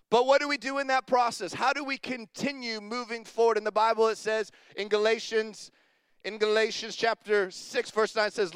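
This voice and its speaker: A man preaching a sermon as a pastor, energetic and calling out to the congregation. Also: extremely high pitch, smooth, no room sound.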